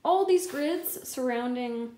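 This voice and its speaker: Woman painter, casual how-to voice, chatty and a bit jokey; slightly high, echoey room. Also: animated, slow pace, warm tone. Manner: chatty, jokey, thinks aloud through the math. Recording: echoey room with faint ambience.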